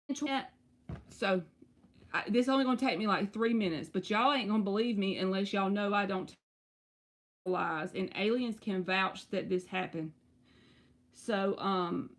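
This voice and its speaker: Lady doing live tarot readings, chatty and animated, talks straight to her viewers, mid-pitched voice. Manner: chatty, animated storyteller who addresses viewers directly. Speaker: tarot reader.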